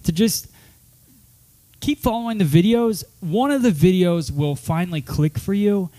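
A man's voice: on the high side, warm tone. Upbeat rambling male salon-show host. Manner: rambling, upbeat, many fillers. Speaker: podcast host. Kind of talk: casual chat. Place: hair salon studio.

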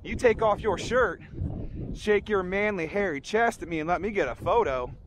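A man's voice: high-pitched, animated, moderate pace, a little hiss or hum, poor audio. A man voicing a flirty, bold woman stranger in a teasing, drawled tone.

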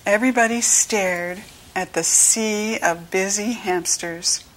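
An American woman reading a children's storybook aloud slowly and clearly for young listeners. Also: slight background noise. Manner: slow, clear teaching read-aloud, brighter pitch for quoted children. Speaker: children's book reader. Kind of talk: read-along storybook narration.

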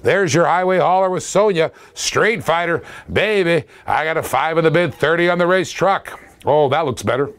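A Canadian man in his forties auctions off diecast cars on a live stream. His voice sits a little high for a man, and he jokes, chuckles and repeats himself as he calls out bids. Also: normal speed, a bit bright. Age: 40s. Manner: playful, jokey, laughs often, repeats himself.

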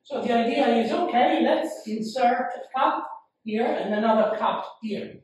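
A man giving a university lecture, slow and halting, with frequent fillers and repeated phrases. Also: very high-pitched, slight background noise. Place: lecture hall. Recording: very echoey room, mic far off.

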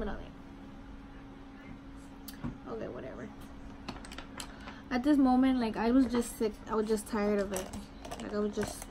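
Chatty young woman with a noisy background. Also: fairly high pitch. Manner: rambling, lots of "like" and "I'm like". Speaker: vlogger. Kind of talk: casual storytime chat while doing makeup. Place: home. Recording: noisy room ambience.

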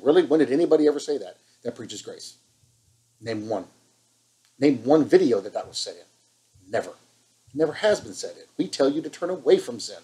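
A man's voice: mid-range voice, expressive, moderate pace, mellow, rough recording. A man preaching an impassioned online sermon, fired up and scolding, hammering points with repetition.

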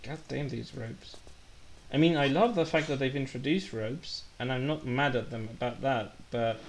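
A man's voice: medium pitch, normal speed, slight background noise. A man chatting casually while streaming a game live, joking and making fun of his own mistakes. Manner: chatty, joking, self-deprecating. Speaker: gaming livestreamer. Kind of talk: casual live gameplay commentary.

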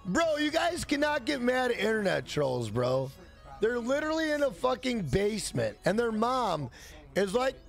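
High-voiced, profane male streamer. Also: very animated, measured pace, vocal fry, soft background music. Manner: profane, rambling banter. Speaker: game streamer. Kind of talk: casual live-stream chat.

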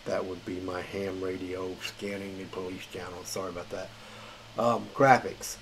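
A man's voice: low-pitched, flat delivery, normal speed, a bit bright, a little hiss or hum, rough recording. A man hosting a gaming channel, reading patch notes in a tired, rambling, casual way. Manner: rambling, filler-heavy, chuckles at himself. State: tired late at night.

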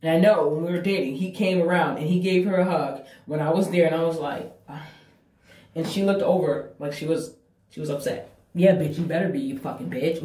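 This vlogger is a woman with a low voice who talks a little fast as she tells a breakup story to camera. She's blunt, casual, swears a lot and tells it animatedly, while the distant mic picks up the echo of the bathroom she's in.

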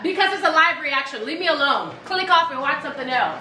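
A woman's voice: high voice, lively intonation, fast, roomy sound, rough recording. A woman hosting a live reaction video, chatty and exclamatory, singing along now and then.

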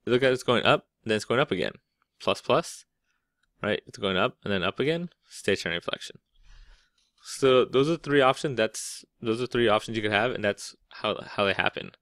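A man's voice: fairly low pitch, fairly bright tone, no room sound, clean studio sound. A man teaching a math lesson, explaining step by step in a casual way and often checking in with "right?". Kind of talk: classroom lecture.

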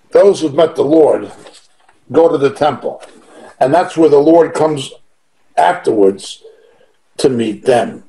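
A man with a voice on the high side teaches through a Bible passage verse by verse, reading it aloud and repeating key phrases emphatically. He speaks slowly and animatedly with vocal fry and frequent pauses, his tone mellow, though the audio is poor.

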